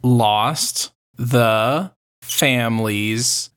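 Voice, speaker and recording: A man playing a comedy game show, rambling through quick jokes and improvised excuses. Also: mid-range voice, fairly bright tone, clean tone.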